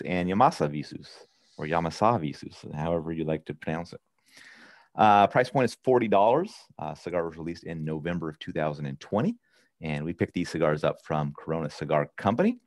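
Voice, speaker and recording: Deep-voiced guy hosting a podcast, talks fast, dry close sound. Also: no room sound. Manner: reads product details in a brisk list. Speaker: podcast host. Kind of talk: casual podcast chat.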